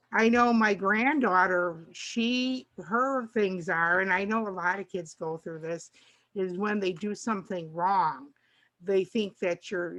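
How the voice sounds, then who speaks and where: An older woman chatting casually as a co-host, meandering from one thought to the next. She often restarts her sentences and slips into little acted-out snippets of dialogue. Her pitch sits at a middling level. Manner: rambling, warm, restarts often and acts out dialogue. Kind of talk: casual chat.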